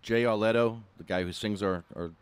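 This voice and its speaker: Low-voiced man co-hosting a podcast. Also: steady tone, fairly quick, smooth, dry recording. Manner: easygoing, repeats words when starting. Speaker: podcast co-host. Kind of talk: casual podcast chat.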